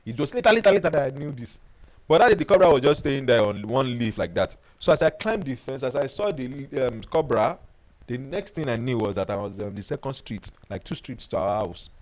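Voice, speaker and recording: A man leads a webinar as a life coach. His voice sits at a middle pitch but swings up and down with lively, expressive intonation. He tells personal stories with energy and stops now and then to read out viewer comments. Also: brisk, low-quality recording. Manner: animated storyteller who reads out viewer comments.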